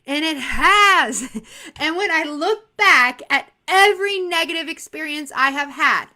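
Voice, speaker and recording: Woman instructor, high bright voice, energetic and emphatic, laughs easily. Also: a little slow. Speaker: exam prep instructor. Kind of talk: motivational talk to students.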